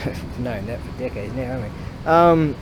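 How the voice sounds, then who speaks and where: A man's voice: medium pitch, expressive, measured pace. A man hosting a podcast, rambling and grumbling with lots of swearing and laughter while he walks along a street. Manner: profane, grumbling, laughs often. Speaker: podcast host. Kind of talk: rambling casual monologue. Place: outdoors on a street, walking. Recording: traffic noise in the background. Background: passing vehicles.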